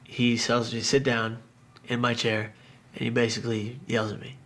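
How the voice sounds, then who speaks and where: A man giving a personal testimony about surviving a suicide attempt, telling it in a halting, emotional way with many restarts. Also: mid-range voice, flat delivery, a bit bright. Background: background music.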